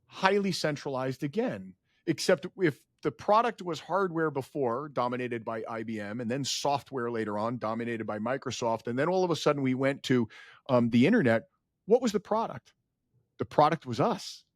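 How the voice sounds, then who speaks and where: A man in his forties, a company founder telling stories as a podcast guest in an earnest, animated way. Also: moderate pace, no room sound, studio quality. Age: 40s. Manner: earnest, animated storyteller, rises in pitch when emotional. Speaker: guest, data center founder. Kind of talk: podcast interview storytelling.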